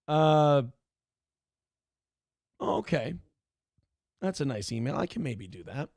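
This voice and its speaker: A man's voice: fairly high pitch, big pitch swings, slow, vocal fry, pauses often, a little mellow, no echo, clean studio sound. A man hosting a casual livestream morning talk show, rambling, profane and opinionated as he reads out donations and riffs.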